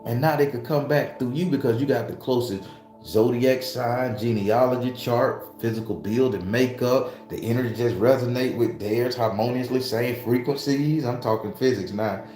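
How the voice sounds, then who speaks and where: Medium-pitched, at normal speed and with a darkish tone, a man gives a fiery spiritual talk directly to the camera. The spiritualist YouTuber curses freely and peppers his talk with rhetorical questions, preacher-style, against faint music in an echoey room.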